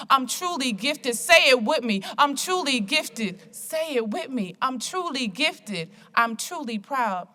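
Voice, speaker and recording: A woman's voice: sits high, sharp tone. A woman poet performing spoken word poetry in an auditorium, rhythmic and rousing, with call-and-response.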